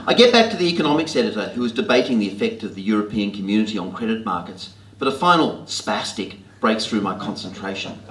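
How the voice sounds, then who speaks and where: An Australian man reading his own comic writing aloud to an audience with a wry, deadpan, self-mocking delivery, in a library talk venue. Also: lowish voice. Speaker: author reading his work. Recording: roomy hall with faint ambience.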